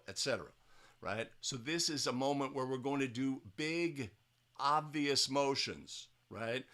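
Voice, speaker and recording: A man with a bright, forceful voice leads a casual instructional breakdown of basketball officiating footage. He speaks at a mid pitch and keeps checking in with "right?" as he goes. His sentences often restart partway through. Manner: tags points with "right?", frequent restarts.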